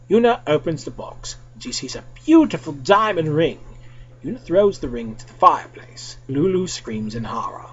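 A man's voice: on the high side, very animated, moderate pace, a bit bright, slightly rough. A young man reading a fan-fiction story aloud, dramatic and playful, switching between character voices. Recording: dull lo-fi recording with faint music.

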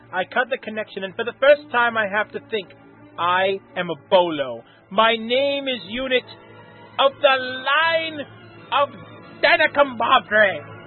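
A man reading as a newly self-aware war machine. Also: very high-pitched. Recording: tinny phone-like recording.

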